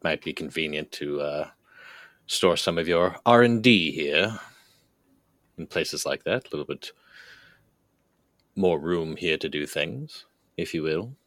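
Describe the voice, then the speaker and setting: A man voicing a smooth, scheming male businessman in a tabletop game, talking in an unhurried, knowing way. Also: extremely low pitch, lively intonation, fairly bright tone, no room sound, clean studio sound, exaggerated voice.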